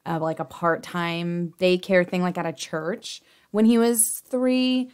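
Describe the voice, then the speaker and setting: A woman's voice: fairly low pitch, fairly even intonation, slow, darkish tone, clean tone. A woman co-hosting a podcast, a mother of several who laughs often and quotes others in casual chat.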